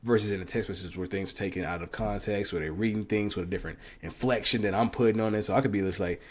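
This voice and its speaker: A low-pitched man riffs through a casual reaction commentary, blunt and profane. He swears freely and breaks into laughter often as he makes his point. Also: fast, slight background noise. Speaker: commentary channel host.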